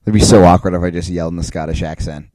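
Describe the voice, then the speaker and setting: A man's voice: deep voice, steady tone, racing, warm tone, no room sound. A man co-hosting a podcast in casual chat, laid-back and hedging his points with questions. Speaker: podcast co-host.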